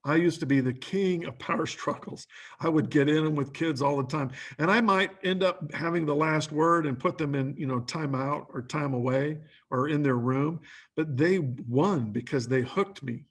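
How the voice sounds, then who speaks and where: Husky man giving a training lecture. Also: a little high, normal speed. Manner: talks in lists of short questions; acts out quoted lines.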